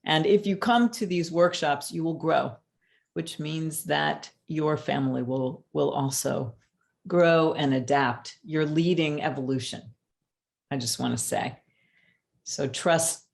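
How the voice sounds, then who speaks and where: A woman leading a support group, speaking gently and encouragingly to the mothers. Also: low-pitched, gravelly.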